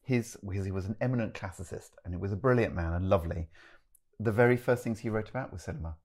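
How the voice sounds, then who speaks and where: A middle-aged man talks in a relaxed, chatty way, running several threads at once and restarting his sentences. His voice sits on the low side. He is self-deprecating about his own habits. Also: fast talker. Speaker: choreographer, interview guest. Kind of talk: relaxed interview chat.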